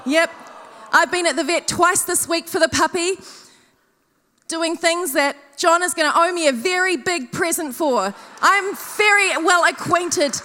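A woman tells animated, self-mocking stories from the stage, acting out her own panic and other people's lines. Her voice sits high, and a long reverb trails behind it in a large hall. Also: unhurried. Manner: animated, self-mocking storytelling with acted-out quotes. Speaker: conference speaker. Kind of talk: storytelling sermon.

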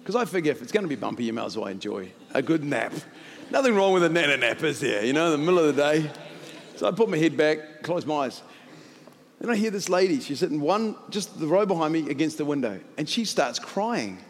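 A male pastor preaches from the stage of a large church hall, his fairly high voice trailing a long reverb. He tells stories in a lively, joking way and pushes up into shouted climaxes. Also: fairly quick. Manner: animated, jokey storyteller who shouts into loud climaxes. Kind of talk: sermon with storytelling.

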